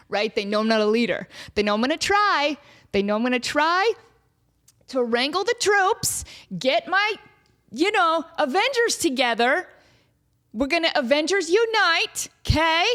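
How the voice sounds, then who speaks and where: High-voiced woman telling a story. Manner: animated, self-deprecating, laughs often. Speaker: podcast host. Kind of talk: casual storytelling.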